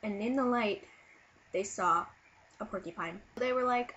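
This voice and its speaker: A woman vlogger who is sick and low on energy, casually telling a silly made-up story to camera in an animated way, with sudden loud bursts. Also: unhurried, breathy edge, muffled recording.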